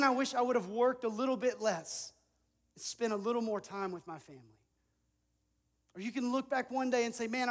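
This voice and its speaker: A man in his thirties preaching a sermon, earnest and conversational, telling a personal story with self-deprecating asides. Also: high-pitched. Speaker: pastor. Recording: long reverb of a large hall.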